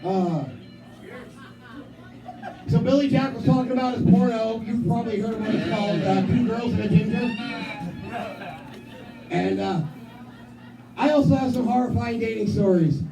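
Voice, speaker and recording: A man in his thirties doing a crude, self-mocking stand-up set with heavy swearing, often breaking into loud acted-out quotes of himself. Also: extremely high pitch, moderate pace, gravelly, pauses often. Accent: New England. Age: 30s. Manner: acts out his own voice in loud quoted asides. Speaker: stand-up comic. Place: small comedy club stage. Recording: roomy club sound from a distance. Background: live music and crowd.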